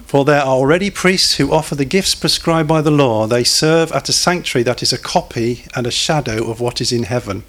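Male preacher, mid-pitched, chatty sermon delivery with asides to the congregation. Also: brisk, hardly any pauses, fairly bright tone. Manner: conversational, asks the congregation questions, jokes.

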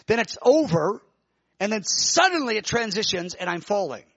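A man preaching, telling a vision in an animated, emotional way with many restarts. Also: high-pitched, moderate pace, no room sound, highs cut off. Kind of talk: sermon testimony, telling a vision.

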